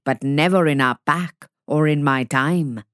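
A woman voicing a gruff, protective male wolf in a read-aloud story, speaking low with grunts. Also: a little slow, a bit bright, no room sound, studio quality. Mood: stern.

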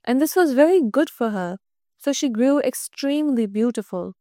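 A woman reads a storybook aloud in a gentle, measured voice. Her voice sits high, and the recording is dry and close with no room echo. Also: expressive. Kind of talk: storybook reading.

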